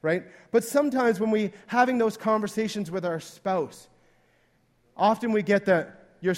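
Man, pastor, high voice, chatty sermon, acts out quotes. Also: moderate pace, a little mellow. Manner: conversational, acting out quoted voices.

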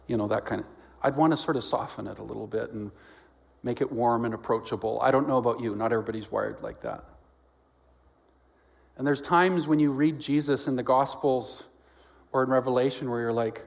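This male pastor preaches with a steady, creaky tone at a fairly quick pace. He shifts between booming exclamations and hushed lines, voicing quotes in character and joking along the way.

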